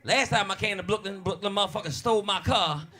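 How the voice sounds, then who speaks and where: Brash high-voiced stand-up comedian with Baltimore accent. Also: male voice, quick pace. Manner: loud, brash, profane crowd work. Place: diner comedy show with live audience. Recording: noisy crowd in a diner. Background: audience laughter.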